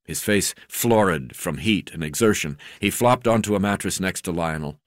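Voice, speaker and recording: A man's voice: low-pitched, normal speed, no room sound, studio quality. A man reading his own memoir aloud, unpolished, with frequent fillers and restarts.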